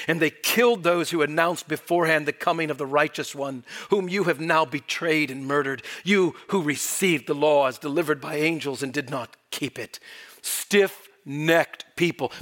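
A man preaching a sermon, emphatic, swinging from loud stresses to near whispers. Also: a little high. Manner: emphatic, varying pace and volume, drops to near whisper.

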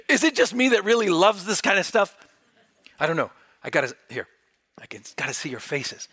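A man's voice: high voice, very animated, brisk, bright, forceful tone, slightly rough. A man preaching a sermon, reading scripture aloud and pressing the congregation with emphatic rhetorical questions.

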